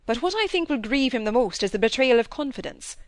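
A woman's voice: a little high, expressive, brisk, dry recording, voice pushed up, close to an everyday voice. A woman reading aloud as a dry-witted, stern middle-aged male country doctor in a storybook. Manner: wry, then sternly lecturing.

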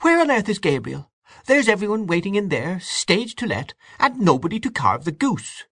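A man's voice: sing-song, brisk, fairly bright tone, husky, dry recording, clean studio sound, full character voice. A man doing a fussy, indignant old aunt. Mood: frantic. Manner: exclaiming, high-pitched. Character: flustered older woman aunt, indignant and fussy.

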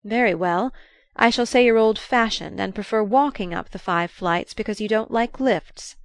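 A woman reading an audiobook, voicing an eager young man who is a dutiful son, with a brisk, coaxing, lightly teasing manner. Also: mid-range voice, no echo, clean studio sound, natural voice. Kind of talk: audiobook character voice.

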